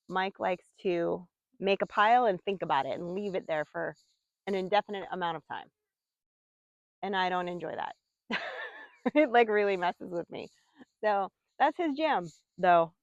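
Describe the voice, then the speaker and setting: A woman's voice: mid-range voice, no room sound, lo-fi sound. Chatty woman rambling through farm chores. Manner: rambling, chatty, coos softly to her animals. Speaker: vlogger. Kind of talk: casual chat. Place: farm, outdoors.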